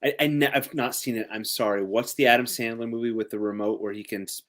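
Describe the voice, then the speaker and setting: A man's voice: mid-range voice, fairly even intonation, quick pace, fairly bright tone. A man chatting on a casual panel. His mid-range voice hesitates and restarts, and he apologizes often as he talks.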